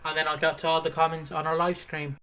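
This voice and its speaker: A man's voice: on the high side, flat delivery, fast, clean tone. A man co-hosting a casual podcast, reading out chat comments and recapping with many fillers. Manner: bright, hesitant, lots of fillers and laughter.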